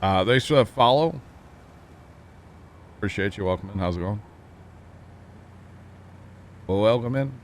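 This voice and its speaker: A man's voice: lowish voice, unhurried, pauses often, slight background noise. A man streaming a farming game, chatting casually and joking with his chat. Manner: chatty, jokey, reading chat aloud.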